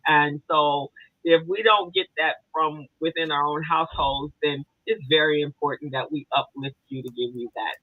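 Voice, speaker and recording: A woman's voice: sits low, fairly even intonation, normal speed, no echo. A woman co-hosting a casual podcast chat, rambling and chatty, with many fillers and restarts. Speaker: co-host. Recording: tinny phone-like dry sound.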